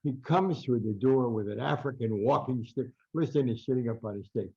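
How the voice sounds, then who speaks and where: An older man with a gravelly, husky voice tells ringside stories with energy. He acts out the voices of the people he quotes. The audio is dull and lo-fi. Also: medium pitch, a little fast. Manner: animated storyteller, acts out quotes loudly. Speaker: guest boxing writer. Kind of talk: storytelling interview.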